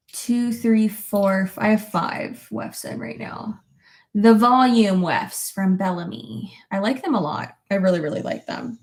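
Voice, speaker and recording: Woman in her 30s chatting to her viewers, laughs a lot, swears kinda casually, medium pitch. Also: measured pace, vocal fry, a little mellow. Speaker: vlogger reading viewer comments. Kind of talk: casual chat.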